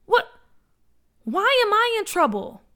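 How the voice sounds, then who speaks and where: A woman voicing a bold, bossy girl ringleader who talks loudly and rushes her words. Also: very high voice, very animated, pitched above the performer's own voice, heavily acted. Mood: flustered. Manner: loud, exclamatory, rushing.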